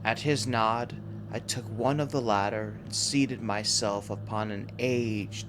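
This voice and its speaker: A man reading a horror story aloud as a narrator, in a slow, measured, grave delivery. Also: lowish voice. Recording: faint background music under the voice.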